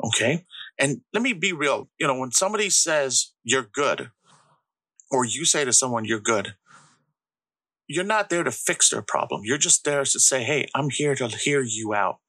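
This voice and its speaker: A man co-hosting a podcast, telling stories in a casual, animated way and acting out the quotes. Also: mid-range voice, normal speed, no room sound, rough recording. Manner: animated storyteller, acts out quotes. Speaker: podcast co-host.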